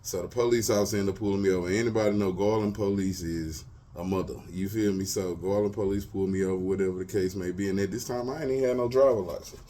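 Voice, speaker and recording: A man's voice: sits low, steady tone, fast talker, mellow, a little hiss or hum. A man, hosting his show and telling personal stories in loose, slangy, casual talk. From Texas, US. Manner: loose slangy talk, lots of "you feel me". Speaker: show host.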